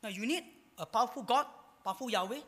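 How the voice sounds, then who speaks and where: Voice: mid-range voice, expressive, fast talker, sharp tone, in a large hall. A pastor with a Singaporean English accent preaching a sermon, emphatic, asking and answering rhetorical questions.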